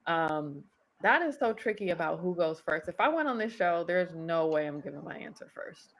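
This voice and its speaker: A woman hosting a casual recap chat, talking in a chatty, animated way and laughing often. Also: lowish voice, moderate pace, heavy background noise. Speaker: podcast host.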